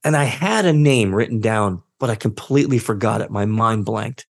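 A man telling a story as a guest in a career interview, acting out the dialogue and jumping up in pitch when he quotes people. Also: normal speed, creaky. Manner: animated, acts out quoted dialogue with his voice jumping up. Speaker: guest, social engineer.

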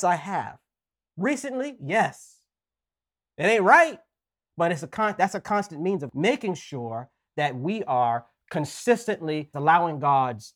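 A man preaching a sermon in a conversational way, often checking in with "right?" and reading scripture slowly with emphasis. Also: medium pitch. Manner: folksy asides.

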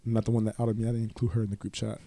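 Racing along in a fairly low, gravelly voice, this guest recounts a personal story in casual conversation. He swears often and animatedly does voices for the people he quotes.

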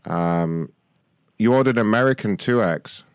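A man hosting a radio prank call, talking in a deadpan, mock-official way. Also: lowish voice, a little slow, clear, resonant tone, dry recording, clean studio sound.

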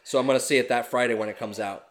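A man co-hosting a casual podcast, telling stories in an animated, heavily profane way. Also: medium pitch, rapid-fire, a crowd in the background. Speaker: podcast co-host.

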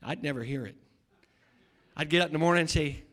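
Man, high voice, middle-aged, pastor, sermon, shouts then hushes, repeats words. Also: brisk. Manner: swings between loud shouting and quiet asides.

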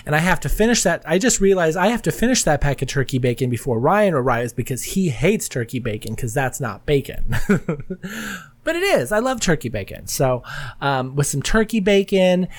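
A woman's voice: low-pitched, sing-song, moderate pace. A woman hosting her own podcast in casual solo chat, rambling candidly and often laughing mid-sentence. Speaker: podcast host.

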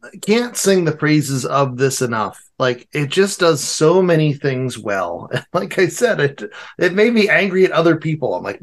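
Male co-host, casual review chat, animated and effusive, lively pitch. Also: normal speed. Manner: effusive, animated, piling up praise. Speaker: podcast co-host.

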